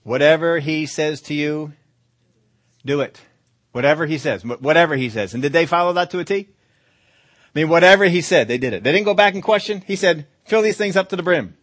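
A man preaching a sermon, emphatic, rising to loud stresses and dropping soft at the ends of phrases. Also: fairly high pitch, animated, fast talker, no echo. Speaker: pastor.

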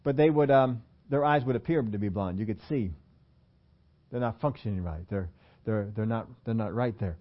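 A man's voice: fairly low pitch, moderate pace, muffled recording. A man preaching a sermon in a church room, talking conversationally and putting questions to the congregation. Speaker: pastor.

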